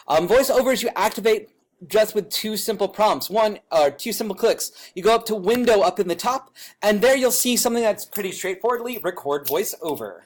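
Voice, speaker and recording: A man teaching a class how to use software, talking in a loud teacher voice, chatty and informal with plenty of asides. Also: high voice, lively intonation, a little fast.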